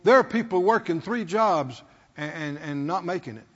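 High husky preacher in echoing hall. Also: male voice, expressive, moderate pace, fairly bright tone, lo-fi sound. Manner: preaching with call-and-response rhetorical questions. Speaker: pastor. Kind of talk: sermon.

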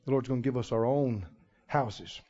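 A man preaching a sermon as pastor, folksy and emphatic, with sudden loud swells and drawn-out words. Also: medium pitch. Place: church sanctuary. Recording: muffled recording in a reverberant church hall.

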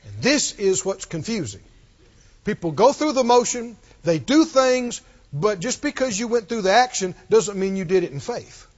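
A man's voice: sits high, big pitch swings, moderate pace. A man preaching a sermon in a church, emphatic and repetitive, calling on the congregation to repeat after him. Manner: emphatic and repetitive, leads call-and-response. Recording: muffled, with long hall reverb.

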